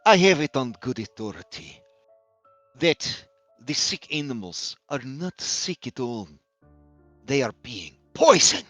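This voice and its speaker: A man's voice: mid-range voice, sing-song, takes it slowly, a bit bright, no echo, faint music behind, heavily acted. A man voicing a vicious female hobgoblin who screeches threats and barks orders at her kitchen staff in a tabletop game. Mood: barking orders.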